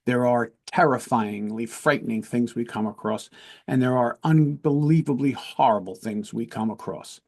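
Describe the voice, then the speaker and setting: A man's voice: medium pitch, normal speed, darkish tone. A man hosting his own podcast and telling stories from his police work in an earnest, conversational way, often checking in with "right?". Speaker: podcast host and police lieutenant. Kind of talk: casual storytelling.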